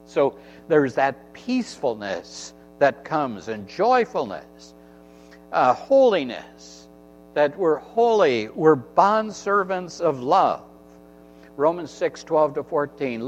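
A man's voice: a little high, sing-song, slow, in a large hall. A man preaching a sermon in an earnest way, repeating phrases for emphasis. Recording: dull recording with faint mains hum.

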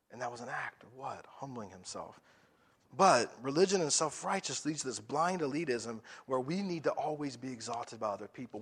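A man's voice: medium pitch, a bit bright, slightly rough. Emphatic man preaching a sermon. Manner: emphatic, with rhetorical questions and restarts. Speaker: pastor.

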